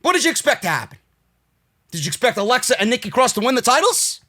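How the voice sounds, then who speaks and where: Fired-up male show reviewer, New York accent, high bright voice, profane rants that boil over into shouting. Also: sing-song, quick pace. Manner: furious profane ranting, swinging between shouting and weary grumbling. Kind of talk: angry ranting show review.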